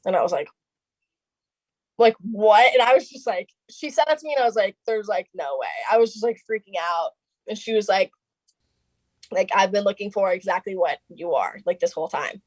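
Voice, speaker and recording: A young woman talking as a guest on an interview show, chatty and animated, scattering "like" through every sentence and jumping into quoted lines. Her voice sits at an ordinary middle pitch. The sound is close and dry, with no room around it. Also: brisk, breathy edge, no room sound. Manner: chatty, fillers of "like" throughout, quoting others in lively bursts. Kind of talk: casual interview storytelling.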